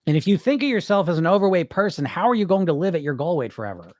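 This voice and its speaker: A man delivers a blunt, profane coaching rant, his fairly high voice swinging widely as he fires off rhetorical questions. The sound is close and dry, with no room around it. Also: very animated, very fast, a little mellow, dry recording. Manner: mimics listeners' excuses mid-rant. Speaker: podcast host, weight-loss coach. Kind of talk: solo podcast monologue.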